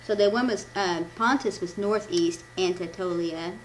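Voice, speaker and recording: A woman's voice: on the low side, normal speed, a little hiss or hum, poor audio. A woman from the American Midwest giving a casual church devotion, reading from her notes, often stumbling and correcting herself with a laugh. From Midwestern United States. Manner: rambling, self-correcting, laughs at her own slips. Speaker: devotional speaker.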